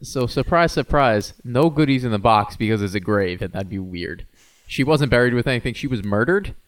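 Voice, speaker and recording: A man's voice: fairly low pitch, animated, fairly quick. A man co-hosting a podcast, casually improvising a silly story and laughing.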